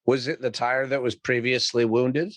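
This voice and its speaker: A man in casual podcast chat, cracking quick jokes. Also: medium pitch, fairly even intonation. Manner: joking, quick quips. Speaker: podcast guest.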